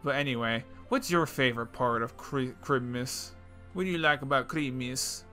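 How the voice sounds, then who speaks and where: A young man co-hosting a podcast, making edgy jokes with sarcastic, deadpan asides in casual chat. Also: mid-range voice, normal speed, soft background music. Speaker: podcast co-host.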